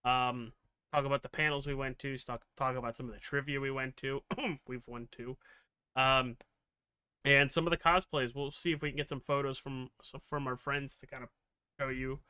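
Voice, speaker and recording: Man hosting a podcast, bright crisp voice, dry close sound, chatty with fillers. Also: mid-range voice, steady tone, normal speed, no room sound. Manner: rambling, filler-heavy announcements. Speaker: podcast host. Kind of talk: casual podcast chat.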